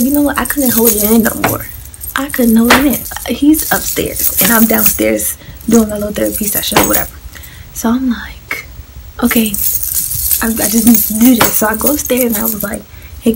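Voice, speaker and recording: A woman's voice: a little high, background noise. Chatty young woman telling a story. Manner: chatty, animated, addresses viewers as y'all. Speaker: vlogger. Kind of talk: casual storytime vlog.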